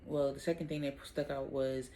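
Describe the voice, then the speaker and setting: A woman hosting a casual devotional Bible talk, speaking in a relaxed, rambling way with lots of "um" and "like". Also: extremely low pitch, normal speed, a little hiss or hum, low-quality recording. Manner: relaxed, rambling, heavy use of fillers like "um" and "like".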